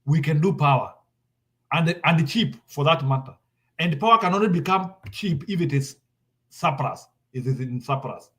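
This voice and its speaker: A man's voice: on the high side, lively intonation, moderate pace, a bit bright. A man with a Kenyan accent making heated political commentary, slipping into Swahili and hammering his points home through repetition. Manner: insistent, repeats points, switches into Swahili.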